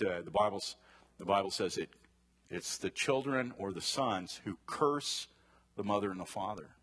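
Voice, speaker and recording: A man with a lowish, husky voice leads a conversational Bible lesson. He talks casually with his group, tosses them questions, and wanders off into personal asides before pulling back to the text. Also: a bit bright. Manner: chatty, asks the class questions, wanders into side stories. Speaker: Bible study teacher.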